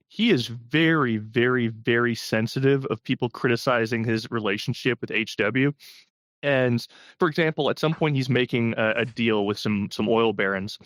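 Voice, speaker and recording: A man's voice: medium pitch, fairly bright tone, dry recording. Male podcast co-host adding careful context. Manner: careful, adds disclaimers and context. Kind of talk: casual chat.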